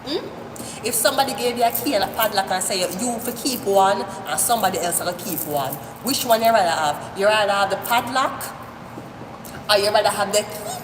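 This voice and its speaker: A woman's voice: medium pitch, a little fast. Woman reading tarot live. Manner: animated, rambling, profane, talks straight to the viewer. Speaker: tarot reader. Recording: echoey room with long reverb, faint hiss.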